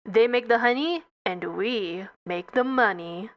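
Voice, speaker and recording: A woman's voice: on the high side, a little slow, a bit bright. A woman voicing smug male beekeepers who joke about the bees. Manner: smug, jokey.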